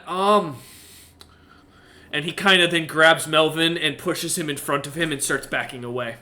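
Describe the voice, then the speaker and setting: A man narrating as game master of a tabletop game, in a casual, halting way with fillers and the odd curse. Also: a little high, sharp tone. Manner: casual, halting narration with many fillers and restarts, occasional swearing.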